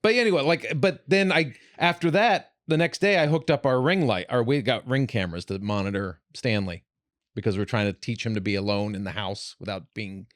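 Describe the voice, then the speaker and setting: A man's voice: mid-range voice, fairly quick. A male podcast host tells a rambling anecdote in a mid-range voice. He swears freely and restarts his sentences often. The sound is dry and close, with no room echo. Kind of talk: casual podcast chat.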